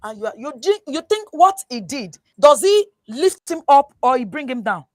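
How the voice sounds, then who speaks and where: A woman with a Nigerian accent on a talk show, giving animated, preachy advice, switching into Yoruba and often asking "you understand?". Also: high voice, moderate pace, dry recording, studio quality. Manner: mixes English with Yoruba. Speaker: guest. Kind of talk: casual talk show chat.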